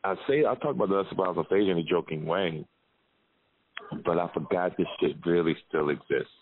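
Very deep-voiced radio host, tinny sound. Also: male voice, fairly quick, breathy edge. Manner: frank and blunt, supportive, swears freely. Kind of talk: casual radio talk show. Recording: tinny phone-like audio.

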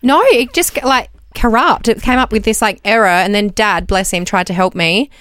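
Young aussie woman, chatty storyteller with a smooth clear voice. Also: medium pitch, moderate pace, a bit bright. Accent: Australian. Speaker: podcast co-host. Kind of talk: casual chat.

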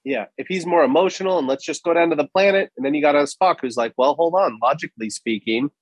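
A man's voice: fairly high pitch, fast talker, dry recording. A man in a casual conversation, arguing animatedly with rhetorical questions and acting out quoted people.

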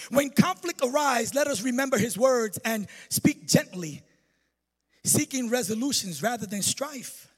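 A middle-aged male pastor preaching a lively sermon with sing-song emphasis and jokes, in a church hall. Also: very high-pitched, a little slow, husky.

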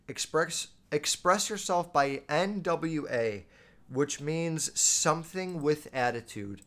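A young man with a voice pitched a little above the usual talks off the cuff, blunt and animated. He swears freely and rambles through his opinions in a casual monologue. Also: takes it slowly. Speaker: vlogger reading viewer comments.

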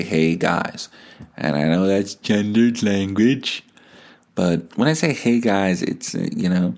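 A man in his thirties with a somewhat low voice delivers a comic podcast monologue. He rambles from tangent to tangent, mocks himself and swears freely. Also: darkish tone. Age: 30s. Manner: rambling, digressive, profane storytelling; self-deprecating. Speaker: podcast host.

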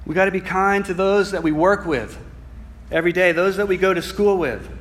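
A man preaching a sermon, earnest and reflective, moving from soft musing to emphatic passages and reading scripture slowly. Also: high-pitched. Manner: reads scripture slowly and deliberately.

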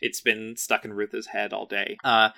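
A man on a podcast walks through a story recap in a loose, casual chat. His voice is bright and forward, and he rambles with plenty of fillers and restarts. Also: on the low side, level tone, moderate pace, vocal fry. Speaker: podcast host.

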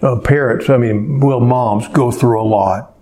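A man preaching a sermon as pastor, telling a story in a slow, unhurried way. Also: medium pitch, fairly even intonation, warm tone.

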